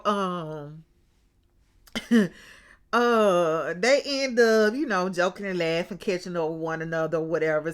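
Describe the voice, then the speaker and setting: A woman casually recapping a TV episode in a chatty, colloquial way, laughing often and calling her listeners baby and child. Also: mid-range voice. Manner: animated, laughs often, drawls out exclamations.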